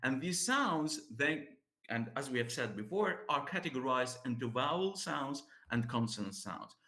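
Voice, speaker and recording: A slow, lively-voiced male teacher in an echoey classroom. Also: mid-range voice. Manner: explains slowly, repeats and checks with the class. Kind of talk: classroom lecture on pronunciation.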